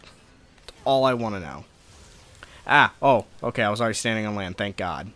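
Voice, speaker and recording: Guy cursing nonstop at a video game boss, sarcastic rant, bright sharp voice. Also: on the low side, expressive, normal speed. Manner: profane, ranting frustration at the game. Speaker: let's play gamer. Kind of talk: gameplay commentary.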